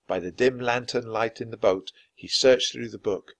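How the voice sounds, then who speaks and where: A man reading a children's chapter book aloud clearly and expressively for language learners. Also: medium pitch, moderate pace, fairly bright tone, no room sound. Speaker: storybook reader.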